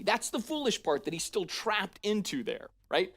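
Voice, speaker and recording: A pastor preaching a sermon in a church, talking conversationally, often checking in with "right?", and acting out paraphrased lines in a lively, casual voice. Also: medium pitch, normal speed, hardly any pauses.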